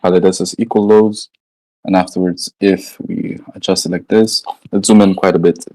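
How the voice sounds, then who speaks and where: A man's voice: low-pitched, steady tone, moderate pace, darkish tone, poor audio. A man walking through trading charts live in a casual, slangy way, thinking aloud and often checking in with "right?". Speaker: trading educator.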